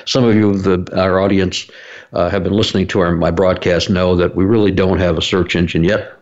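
A man's voice: low-pitched, little pitch movement, brisk, highs cut off. A man hosting his own broadcast, telling a story in a rambling way with lots of fillers and restarts. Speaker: broadcast host. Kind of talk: casual explanatory monologue.

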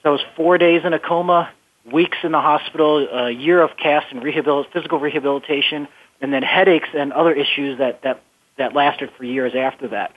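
A man's voice: on the high side, fairly even intonation, brisk. Guy calling in to a radio show, tinny phone sound, earnest, keeps repeating words. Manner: earnest storytelling, repeats words while thinking. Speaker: guest.

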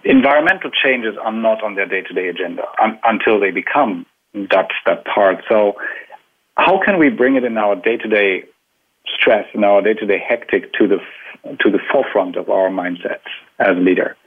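Low husky guy hosting a radio interview, phone-line sound, halting questions. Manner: attentive, many short assents, halting questions.

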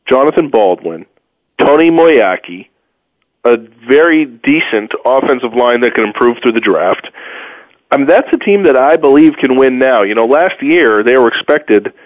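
A man hosting a solo sports talk show, opinionated and rambling, with sudden pitch jumps and a tired edge. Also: no room sound. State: tired, low energy. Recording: dull muffled dry sound.

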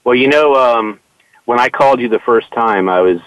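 A man's voice: mid-range voice, moderate pace, a bit bright, smooth, no room sound. A man asking questions in a casual interview, hesitant, with many fillers and restarts. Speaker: interviewer and photographer. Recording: dull lo-fi dry sound.

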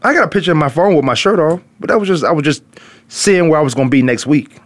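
Animated teasing male talk host. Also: on the high side, fast talker. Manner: animated, teasing, laughs often. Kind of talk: casual studio banter.

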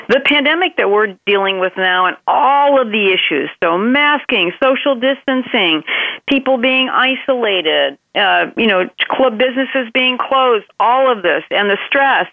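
An earnest woman speaking as a guest consultant, her voice with a gravelly edge. She talks reflectively and leans on repeated phrases to drive her point home. The sound is a dry, tinny phone line. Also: mid-range voice, no room sound. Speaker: guest consultant on crisis management. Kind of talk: podcast interview over phone.

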